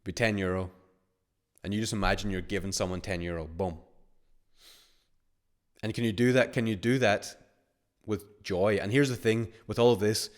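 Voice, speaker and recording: A man's voice: on the low side, fairly even intonation, normal speed, long pauses. A man hosting a webinar as a money-mindset coach, talking casually in a rambling, filler-heavy way and acting out little scenarios.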